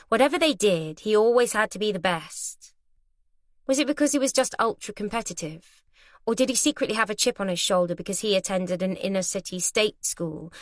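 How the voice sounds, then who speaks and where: A woman's voice: mid-range voice, no room sound. Woman narrating a thriller audiobook, dry. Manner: measured, steady storytelling. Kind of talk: scripted narration.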